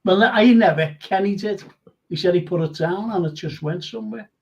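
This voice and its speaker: Chatty older man, high voice. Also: normal speed, gravelly, darkish tone. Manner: chatty storyteller, laughs often. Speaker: host. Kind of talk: live fan show chat. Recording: dull lo-fi stream audio.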